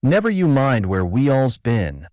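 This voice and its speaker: A man voicing rough male gold prospectors who talk in a testy folksy frontier dialect. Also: lowish voice, big pitch swings, moderate pace, darkish tone, dry recording, clean studio sound.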